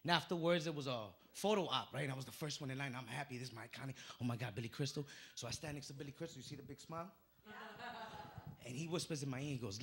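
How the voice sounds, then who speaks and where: A man from the Dominican Republic doing a stand-up comedy set on a club stage into a handheld mic, telling stories with punchy, animated delivery. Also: a little high, fast. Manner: punchy, animated storytelling with acted-out voices.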